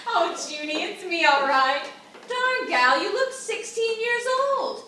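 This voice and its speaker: A woman's voice: very high voice, very animated, unhurried, pushed and bright, slight background noise, exaggerated voice. A woman playing an enthusiastic young aunt and teacher in an amateur stage drama, recorded from far off in an echoey room. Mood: excited. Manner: bubbly, enthusiastic.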